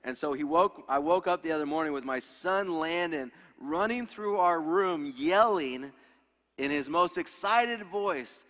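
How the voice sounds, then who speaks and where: A man's voice: on the high side, lively intonation, unhurried, fairly bright tone. A pastor in his thirties preaching an earnest, emphatic sermon with lots of repetition. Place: church sanctuary. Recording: reverberant hall.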